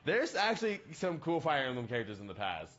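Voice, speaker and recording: Young male streamer, joking and rambling, average pitch, slightly muffled mic. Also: wildly swooping pitch, brisk, fairly bright tone. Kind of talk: casual gaming stream chat.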